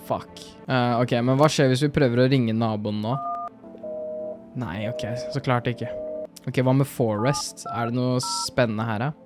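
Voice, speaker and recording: A Norwegian-accented man talking through a horror game in casual let's-play style, reacting aloud and swearing often. His pitch sits in the middle range, with faint game music behind him. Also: fairly even intonation, a little slow. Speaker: gaming streamer.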